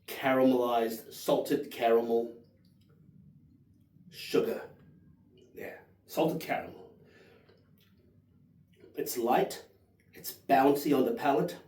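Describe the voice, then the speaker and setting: A man in his thirties tastes whisky and rambles through his notes, swearing freely and gushing about flavors. His voice is warm and mellow, and it sounds a little distant in a roomy, echoey space. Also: medium pitch. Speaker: whisky reviewer. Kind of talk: casual tasting vlog.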